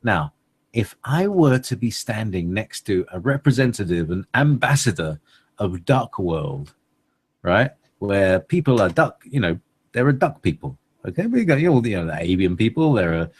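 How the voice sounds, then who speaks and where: A man's voice: lowish voice, sing-song, moderate pace, breathy edge. A man cohosting a casual chat, rambling with many hesitations and frequent laughs.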